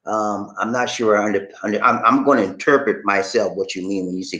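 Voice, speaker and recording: A man's voice: lowish voice, brisk, fairly bright tone, rough recording. Folksy man hosting a live chat. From United States. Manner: folksy, repeats phrases, reads viewer comments aloud. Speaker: host of a live stream. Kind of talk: casual live chat answering viewers.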